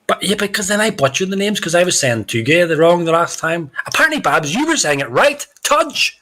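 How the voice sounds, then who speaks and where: A man doing excitable, chatty, joking commentary on a live sim racing stream. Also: high voice, brisk. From Ireland. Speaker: race commentator. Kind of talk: live esports race commentary.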